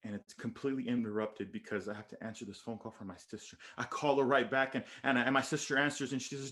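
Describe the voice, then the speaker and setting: A man's voice: mid-range voice, flat delivery, fast, hardly any pauses, fairly bright tone. Emphatic motivational speaker, a man. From Texas border region, USA. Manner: emphatic, repetitive storytelling that addresses listeners by name. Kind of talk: keynote talk to students.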